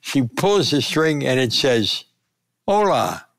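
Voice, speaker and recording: Older storyteller, gravelly voice, rises to punchlines, dry close recording. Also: male voice, medium pitch, a little slow, no echo. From United States. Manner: animated anecdote telling, voice rising for punchlines. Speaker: veteran sports columnist, guest. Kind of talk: storytelling interview.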